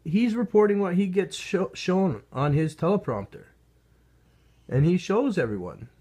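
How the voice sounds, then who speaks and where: A man's voice: sits high, sing-song, a little slow, warm tone, husky. A man from Canada commenting casually into his phone, rambling and sarcastic, with many restarts and chuckles. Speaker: vlogger. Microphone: phone held up to a TV.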